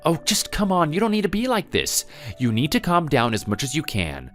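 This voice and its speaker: An actor playing a calm husband who tries to settle a family quarrel in a scripted text-story drama, soothing and placating. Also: male voice, a little high, fairly quick, soft background music.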